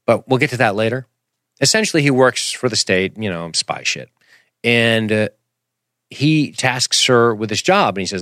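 A man hosting a podcast, reviewing a film in an animated, rambling, jokey casual chat. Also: on the low side, moderate pace, dry recording, studio quality. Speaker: podcast host.

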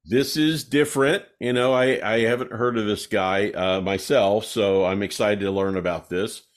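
A man with a fairly low voice hosts a casual talk show. He asks questions in an easygoing, slightly hesitant way, with plenty of fillers. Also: normal speed. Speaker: host. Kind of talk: casual podcast chat.

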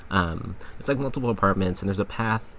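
A man's voice: low voice, fairly quick, fairly bright tone, a little hiss or hum. A man hosting a podcast, telling a story in a casual, rambling way with lots of fillers. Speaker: podcast host. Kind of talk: casual chat.

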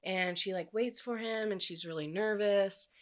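A woman's voice: mid-range voice, moderate pace. A young woman casually retelling a romance novel's plot, chatty and gushing, with frequent filler words. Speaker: book reviewer. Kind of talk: casual book recap.

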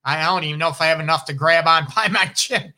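A middle-aged male relationship counselor with a Detroit accent, hosting a casual advice talk in an animated, emphatic way with sudden loud exclamations. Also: fairly high pitch, quick pace. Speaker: relationship counselor and show host.

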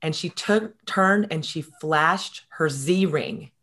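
Animated middle-aged woman telling stories. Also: deep voice. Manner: animated, quick storyteller with many fillers. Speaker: guest. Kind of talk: casual interview storytelling.

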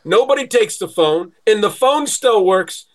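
Middle-aged man, high pitch, chatty agent who tells stories animatedly. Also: a little slow, low-quality recording. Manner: animated storyteller, laughs often. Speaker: sports agent. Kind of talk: casual chat.

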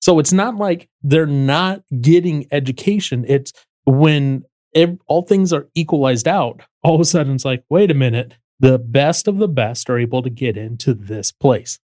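A man's voice: medium pitch, normal speed, a little mellow, dry recording. A man hosting a casual political talk, explaining things step by step with frequent restarts. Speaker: podcast host.

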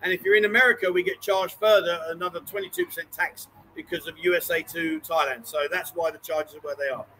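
A man with a high, bright voice chats easily as host of a live stream from a bar, joking with the people around him and calling them mate and darling. A light hiss and soft bar ambience sit behind him. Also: steady tone, quick pace, few pauses, rough recording. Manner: chatty, jokey, calls people mate and darling. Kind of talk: casual live-stream chat.

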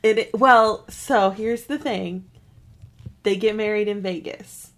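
A woman's voice: mid-range voice, slow pace. A woman co-hosting a book podcast in matter-of-fact casual chat. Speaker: podcast co-host.

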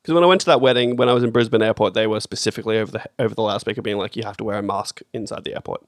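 A man's voice: lowish voice, fairly even intonation, very fast, no echo, clean studio sound. A young Australian man chatting casually as a podcast co-host, rambling and swearing offhandedly. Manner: laid-back, swears casually, rambling storytelling. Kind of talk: casual chat.

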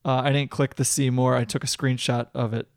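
A man's voice: medium pitch, flat delivery, a little fast, creaky, no room sound, clean studio sound. A man co-hosting a podcast in casual chat, playful and bantering as he reads listener reviews aloud. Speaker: podcast co-host.

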